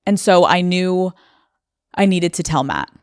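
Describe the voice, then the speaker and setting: Podcast host, American woman in her thirties, slow and emotional near-tears confession, low-pitched, dry close sound. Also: expressive, clear, resonant tone, no echo. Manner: candid, emotional, many fillers. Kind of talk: personal monologue.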